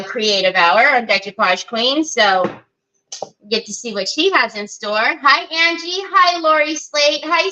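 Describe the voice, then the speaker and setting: A woman's voice: a little high, bright, forceful tone, low-quality recording. A middle-aged woman hosting a live crafting stream, chatty, greeting viewers by name with many fillers. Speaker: crafting livestream host.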